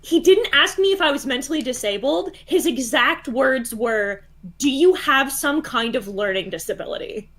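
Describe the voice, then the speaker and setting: A woman's voice: high-pitched, lively intonation, normal speed, fairly bright tone. A woman on a voice call telling a story in a casual, heated way, swearing a lot and laughing as she goes. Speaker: guest caller.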